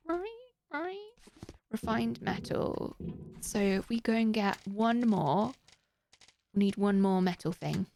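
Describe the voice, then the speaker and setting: A woman's voice: medium pitch, animated, takes it slowly, gravelly, long pauses, mellow, slight background noise. A woman live streaming a game, chatting casually and directly with her viewers. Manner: chatty, talks straight to viewers. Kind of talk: casual gaming stream chat.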